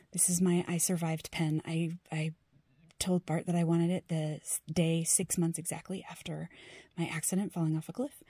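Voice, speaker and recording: A middle-aged woman in an excited unboxing vlog, gushing to her viewers and often dropping into breathy whispers. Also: fairly low pitch, moderate pace, no room sound. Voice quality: breathy, husky. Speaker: fountain pen vlogger.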